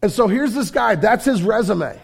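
A man's voice: high-pitched, animated, normal speed, gravelly, husky. A man preaching a sermon as pastor, telling the story in a casual, conversational way with fillers and repeated words.

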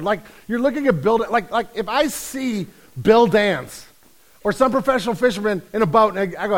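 Guy preaching, kinda high voice, jokey and chatty, does little voices for the people in the story. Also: a little fast, low-quality recording. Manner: lively storytelling, acts out quoted voices; humorous, conversational preaching. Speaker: pastor. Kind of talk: sermon.

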